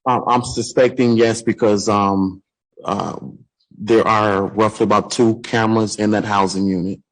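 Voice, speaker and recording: A man's voice: on the low side, little pitch movement, unhurried, low-quality recording. A man testifying as a sheriff's deputy at a court hearing, formal and hesitant, answering with "yes, sir".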